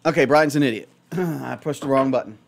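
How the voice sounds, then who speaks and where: A man's voice: mid-range voice, fairly quick, creaky, faint music behind. A man hosting a morning radio show in a studio, chatting casually and poking fun at himself as he rambles. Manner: rambling, self-mocking, chatty. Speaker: radio host.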